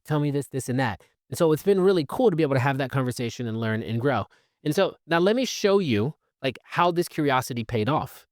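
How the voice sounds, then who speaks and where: A medium-pitched man talks a little fast in clean, echo-free studio audio. He hosts a solo podcast, speaking casually with fillers and restarts, and animatedly acts out the conversations he recounts.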